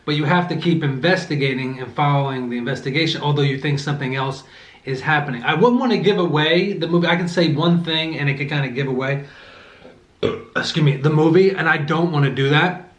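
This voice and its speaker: A man's voice: a little high, brisk. Rambling man in an echoey room. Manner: rambling, with many fillers and self-corrections; eating between remarks. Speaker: vlogger reviewing a movie while eating. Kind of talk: casual chat.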